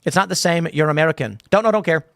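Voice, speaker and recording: A man's voice: fairly high pitch, animated, quick pace, a bit bright, no echo, clean studio sound. A man hosting a live show, reading chat comments and riffing on them in a rambling way, full of fillers and restarts. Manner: rambling, many fillers and repeated starts. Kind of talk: casual live-stream commentary.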